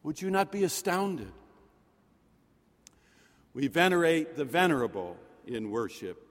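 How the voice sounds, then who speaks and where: Preacher guy giving a sermon, kinda high voice, big churchy echo, drops soft for effect. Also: sing-song. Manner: rhetorical, with dramatic pauses and soft drops. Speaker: pastor. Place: chapel. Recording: long reverb of a chapel.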